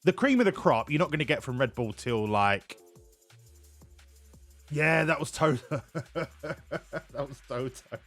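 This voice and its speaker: Man, game streamer, animated pitch, jokey, profane, faint background music. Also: takes it slowly, pauses often. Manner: jokey, profane, laughs often. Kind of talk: casual live-stream commentary.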